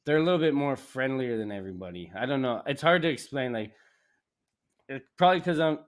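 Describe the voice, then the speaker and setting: A man from Canada chatting casually as a podcast host, rambling and animated, laughing often. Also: mid-range voice, a little fast. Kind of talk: casual chat.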